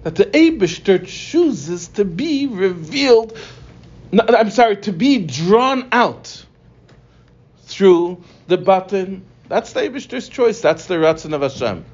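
High-voiced man teaching a text. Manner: explanatory, asks and answers rhetorical questions. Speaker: religious teacher. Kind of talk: text-study lesson. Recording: dull lo-fi recording.

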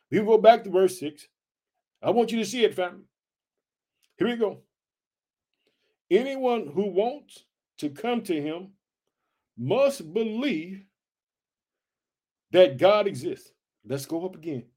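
A man's voice: high-pitched, lively intonation, a little slow, long pauses, a little mellow. A man preaching a fervent sermon, repeating phrases and calling out to his listeners as family. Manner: fervent, repetitive call-and-response preaching.

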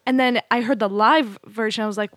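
A woman's voice: fairly high pitch, fairly quick, fairly bright tone, dry recording. A young woman hosting a radio music show, chatting casually and rambling with lots of fillers.

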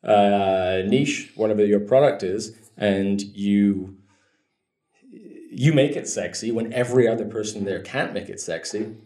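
A man's voice: fairly low pitch, measured pace, dark tone, echoey room. A man speaking as an interview guest on optimization, blunt and joking, swearing freely in casual chat. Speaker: guest, conversion optimization expert.

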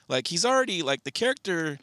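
A man's voice: a little high, sing-song, brisk, pushed and bright, no room sound. A man co-hosting a podcast in casual chat, laid-back and hesitant, trailing into fillers. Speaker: podcast co-host.

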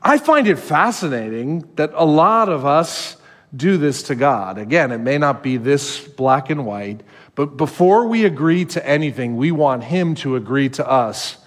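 A male pastor giving a sermon in a conversational, animated storytelling manner. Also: a little high, a little slow, big-room sound.

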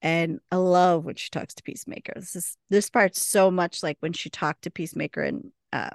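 A woman's voice: fairly low pitch, steady tone, moderate pace, gravelly, no echo, studio quality. A woman co-hosting a podcast, eagerly retelling a TV episode in casual chat full of fillers. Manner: enthusiastic, retelling scenes with many fillers. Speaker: podcast co-host.

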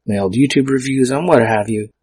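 A man's voice: medium pitch, fairly quick. A man hosting his own podcast solo, talking casually and tripping over his own words with self-mocking humor. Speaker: podcast host.

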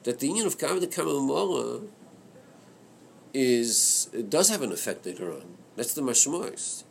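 A man teaching a religious study class, reasoning aloud with hesitant stops and repeated words. His pitch rises and falls in a lively way, with a gravelly edge. A faint hiss sits behind him. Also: normal speed. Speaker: Chassidic text teacher. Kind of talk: Torah study class discussion.

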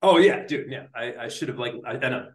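Animated young man telling a wild story. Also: mid-range voice, fairly quick. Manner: animated, slangy, lots of likes and dudes. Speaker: neuroscientist guest. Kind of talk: casual storytelling in a podcast interview. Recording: roomy echo.

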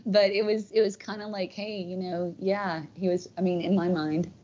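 Her voice is medium-pitched and warm, with little pitch movement and a moderate pace, as she shares a heartfelt, meandering personal story on a podcast, leaning on "you know" fillers. The lo-fi podcast recording sounds dull and has a little hiss or hum.

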